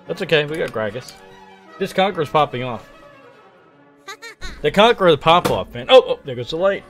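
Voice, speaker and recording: A young man giving playful, excitable live commentary on his own video game match, trash-talking and hyping himself up. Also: a little high, moderate pace, soft background music. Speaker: gaming streamer.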